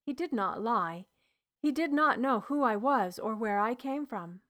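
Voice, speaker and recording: A woman narrating a first-person historical novel in an even, measured storytelling voice. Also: on the high side. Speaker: audiobook narrator.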